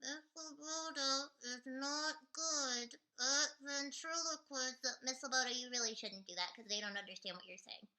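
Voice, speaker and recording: A woman's voice: sits high, normal speed, few pauses, sharp tone, pitched above the performer's own voice. A woman voicing a small, cheeky puppet friend in a classroom video, talking in an eager, squealing way. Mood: teasing.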